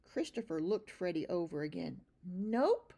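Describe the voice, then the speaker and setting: A woman narrating a children's storybook in a slow, expressive read-aloud manner. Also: mid-range voice, breathy edge.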